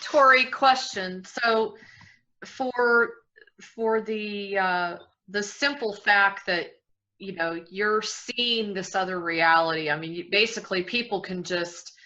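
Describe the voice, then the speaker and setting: A woman hosting an interview, asking halting questions full of fillers. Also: mid-range voice, sharp tone, dull audio. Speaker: host. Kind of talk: casual interview.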